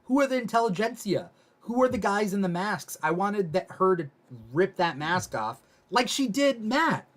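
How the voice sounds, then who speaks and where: A man hosting a casual aftershow panel, reading out viewer comments and talking with halting restarts. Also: sits high, very animated. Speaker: aftershow host.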